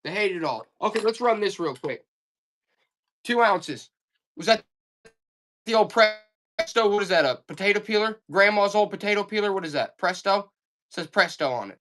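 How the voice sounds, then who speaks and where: This live online auction seller sounds animated and fairly bright, moving at a moderate pace with frequent pauses. The comic, exasperated stream patter keeps repeating offers and urgently begging the audience.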